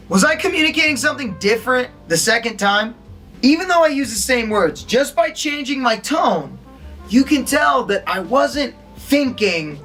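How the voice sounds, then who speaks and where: A man's voice: very high-pitched, expressive, normal speed, pushed and bright, faint music behind. A man teaching a lesson as an acting instructor, quizzing his listeners and acting out tones of voice. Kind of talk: recorded lesson to an audience.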